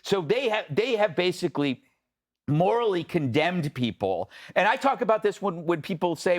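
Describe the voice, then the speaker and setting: A man in a panel show's co-host chair delivers his take with sardonic, riffing asides. His voice sits somewhat high for a man and swings widely in pitch as he talks. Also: big pitch swings. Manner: sarcastic, riffing, quick asides. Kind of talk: opinionated panel discussion.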